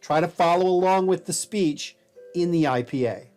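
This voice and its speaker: A man's voice: on the high side, normal speed, a little mellow, faint music behind. Casual man lecturing on phonetics. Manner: casual, explanatory, self-deprecating. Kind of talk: recorded college lecture.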